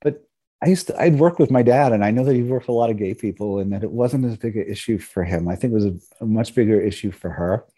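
A man's voice: lowish voice, fast talker, warm tone, husky. A man from New York, an interview guest, telling personal stories in a casual, humorous way and acting out the voices of people he quotes. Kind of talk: casual storytelling.

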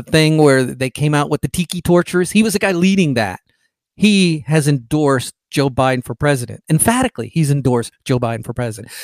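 A man, sick and lying in bed, hosts a podcast in an indignant, mocking monologue. His voice sits a little high for a man, and the sound is close and dry, with no room around it. He stumbles and restarts often as he argues. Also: no echo. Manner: indignant, sarcastic, mocks opponents in quoted voices. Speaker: podcast host. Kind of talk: casual political monologue.

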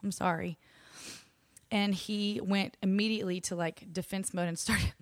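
A woman's voice: mid-range voice, steady tone, normal speed, dry recording, clean studio sound. A young woman, a bartender speaking frankly and bluntly in casual chat. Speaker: bartender, podcast guest.

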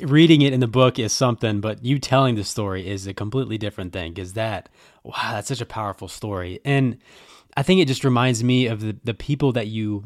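A male podcast host reflects earnestly and asks halting questions. His pitch is average for a man. The recording is dry, with no room sound. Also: dry recording. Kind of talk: casual interview.

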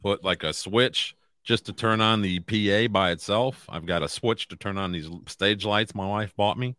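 A middle-aged man hosts a podcast from a room in his home and talks in a plain, blunt way full of swearing. His voice is lowish but bright and forward, and the recording is dry. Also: moderate pace, dry recording. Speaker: podcast host. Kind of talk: casual podcast chat.

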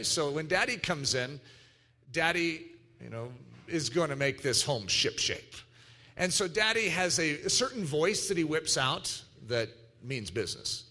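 A man preaching a sermon, emphatic and animated, acting out little quoted voices as he teaches. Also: fairly high pitch. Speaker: pastor.

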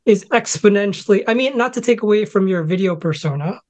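A woman's voice: medium pitch, animated, fairly quick, darkish tone. A woman guest on a podcast with a mid-range voice. She speaks in an offhand way, dropping short, wry quips into the talk. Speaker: guest answering questions. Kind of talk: casual podcast conversation.

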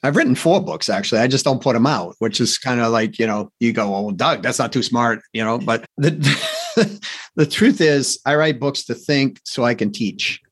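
A male sales coach being interviewed, with a voice of ordinary middle pitch. He tells stories in a rambling, energetic way. He restarts his sentences often and keeps checking in with "right?". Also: moderate pace, breathy edge. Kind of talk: conversational interview storytelling.

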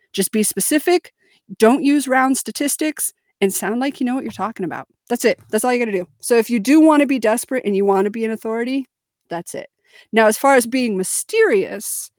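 A woman's voice: medium pitch, a little mellow, no echo. Woman podcast co-host, blunt and confident, dry recording. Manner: blunt, confident, swears freely. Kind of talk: casual podcast chat.

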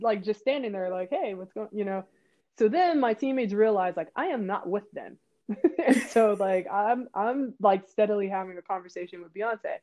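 A woman telling a story in casual chat, acting out what people said with big jumps in her voice. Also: dull audio. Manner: animated, acts out quotes with jumps in pitch. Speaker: guest.

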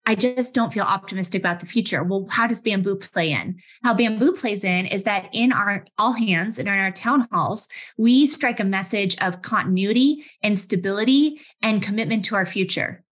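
Brief: woman, 30s, HR leader, chatty and animated, mid-pitch. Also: moderate pace, few pauses. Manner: animated, restarts often, vivid everyday anecdotes. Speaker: head of HR, session host. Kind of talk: conversational webinar talk.

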